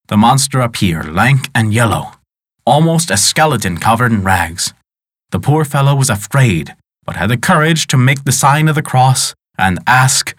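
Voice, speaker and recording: A male storyteller reading an old folk tale with dramatic expression. His voice moves widely in pitch, and the sound is close and dry with no room echo. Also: expressive, moderate pace, fairly bright tone.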